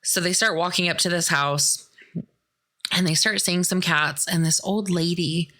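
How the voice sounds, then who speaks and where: A woman hosting a podcast, casually recapping a horror film in an animated way and swearing freely. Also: fairly low pitch, unhurried. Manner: animated, profane retelling. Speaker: podcast host.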